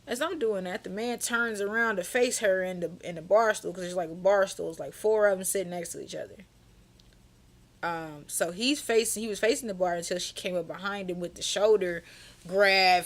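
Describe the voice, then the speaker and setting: A young woman recounting a night out for her vlog audience, full of attitude and animated asides. Her voice sits in a middle range, and she leans hard into the drama of her own story. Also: mid-range voice, moderate pace. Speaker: vlogger.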